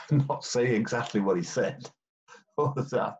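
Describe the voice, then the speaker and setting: A man's voice: medium pitch, measured pace, slight background noise. An older English man, a former football referee, chatting through anecdotes and acting out what players said. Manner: chatty storyteller, acts out quoted players. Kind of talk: interview anecdotes. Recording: dull lo-fi recording.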